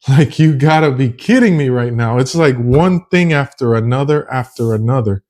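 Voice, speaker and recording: This is a young man giving a casual personal testimony. His voice is mellow and dark, and he sits in a middle pitch. He talks earnestly and rambles, circling back to the same phrases. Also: moderate pace. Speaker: vlogger sharing a faith testimony.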